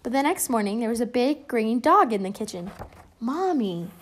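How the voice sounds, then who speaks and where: A woman reading a children's picture book aloud in a lively, expressive way. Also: a little high, brisk. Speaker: storybook reader.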